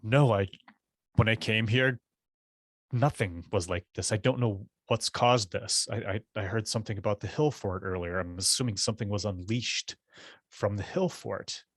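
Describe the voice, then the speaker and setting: A wary woman adventurer, voiced by a man denies things in a rushed, flustered way. The sound is dry and close over a video call. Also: on the low side, no echo, close to an everyday voice. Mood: defensive.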